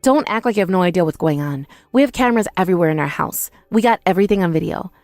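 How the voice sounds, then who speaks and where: A woman's voice: fairly low pitch, animated, very fast, darkish tone, no room sound, soft background music. A woman voicing a young ex-wife who angrily accuses her former in-laws, in a text-message story drama. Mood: accusing. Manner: accusing, scornful. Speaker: main character, ex-wife.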